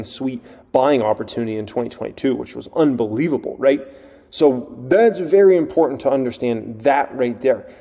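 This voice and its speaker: Animated man in a reverberant hall. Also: medium pitch. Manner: animated, acts out imagined investors' thoughts. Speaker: investing show host. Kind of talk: casual finance talk.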